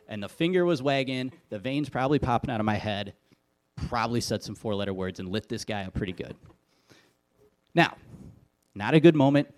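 A man's voice: mid-range voice, darkish tone. A middle-aged man from Wisconsin giving a sermon, telling stories with self-deprecating humor in an easy conversational way. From Wisconsin, USA. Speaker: pastor.

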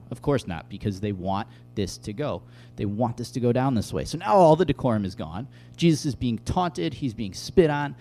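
A young adult man giving a casual, conversational bible teaching, telling stories with lively asides. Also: medium pitch, moderate pace. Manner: conversational, animated storytelling with asides.

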